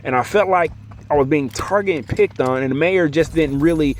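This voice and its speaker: A man with a voice on the high side shares a story from his own life at a moderate pace, keeping it casual and chatty and regularly checking in with whoever's listening. It's recorded on a phone mic, with the background clearly noisy.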